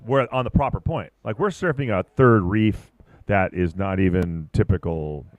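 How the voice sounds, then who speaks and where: A man commentating live at a surfing contest, chatty and excitable, rambling about boards and waves. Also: low voice, normal speed, no room sound, muffled recording.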